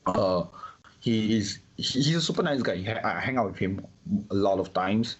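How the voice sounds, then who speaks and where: Animated Singaporean man, stumbling restarts. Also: fairly low pitch, moderate pace, breathy edge, highs cut off. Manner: animated, many restarts and repeated words. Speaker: guest. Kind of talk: casual conversation.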